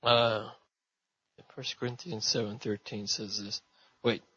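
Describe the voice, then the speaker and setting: A man's voice: lowish voice, level tone, slow pace, sharp tone, husky, muffled recording. A man preaching in a loose, conversational way, restarting his sentences and often adding fillers. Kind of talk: casual sermon.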